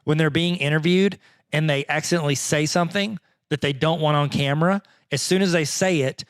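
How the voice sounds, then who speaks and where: Podcast cohost guy, slightly higher voice, teasing banter, dry mic. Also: fairly even intonation, brisk, dry recording. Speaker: podcast co-host. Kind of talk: casual chat.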